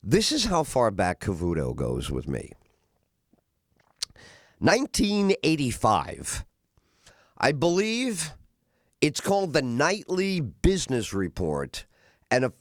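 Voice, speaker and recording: A man's voice: mid-range voice, no echo, studio quality. A middle-aged man hosting a radio talk show, rambling through a casual monologue and now and then acting out other people's voices.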